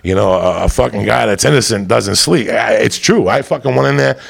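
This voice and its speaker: A man doing profane stand-up, telling a story in a loud, brash, rambunctious way and swearing constantly. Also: lowish voice, brisk, gravelly, slightly rough. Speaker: stand-up comedian.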